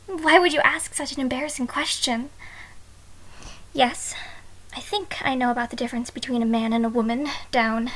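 A woman's voice: sits high, a bit bright, poor audio. A woman playing a shy, innocent young bride in an audio role-play, speaking hesitantly and sometimes dropping to a whisper. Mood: bashful curious. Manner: hesitant, halting, drops to whispers.

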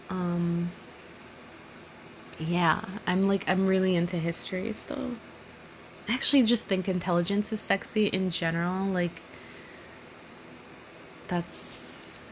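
A drunk woman in her thirties answering listener questions in a casual solo monologue, giggly and rambling, often dropping to a soft near-whisper. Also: fairly low pitch, slight background noise. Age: 30s.

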